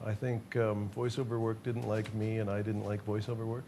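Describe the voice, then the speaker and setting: A man's voice: lowish voice, flat delivery, fairly quick, dark tone, slight background noise. A man being interviewed as a musician guest, chatting casually in a rambling, self-deprecating way and laughing often.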